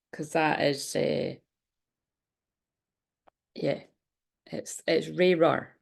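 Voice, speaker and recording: A woman's voice: on the low side, creaky, darkish tone. A woman giving a casual channeled tarot reading, rambling and chatty, often laughing between thoughts. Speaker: tarot reader.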